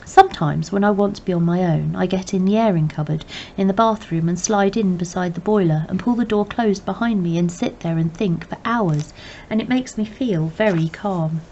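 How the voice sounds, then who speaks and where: Woman reading a novel aloud, plain and measured, lowish voice, dull lo-fi recording. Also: a little mellow. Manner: plain, measured first-person narration. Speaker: reader.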